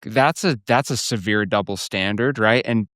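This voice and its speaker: A man with a low-pitched voice hosts a podcast conversation. He talks earnestly and keeps checking in with "right?" as he makes a point. The recording is close and dry, with no room sound. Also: moderate pace, fairly bright tone, no room sound. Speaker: podcast host. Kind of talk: casual conversational interview.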